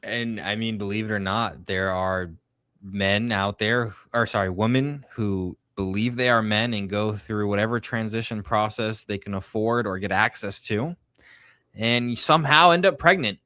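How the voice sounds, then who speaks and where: A male co-host with a bright, forceful voice, laughing and mocking as he jumps in with asides. The sound is close and dry. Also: lowish voice, normal speed, no echo. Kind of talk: casual political talk show banter.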